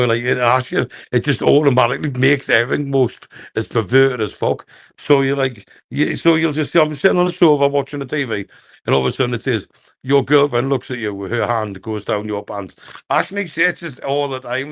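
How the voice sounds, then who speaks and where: A man from Cumbria co-hosting a live stream, telling rambling, sweary anecdotes with a gravelly voice. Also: mid-range voice, brisk. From Cumbria, England. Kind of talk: crude casual banter.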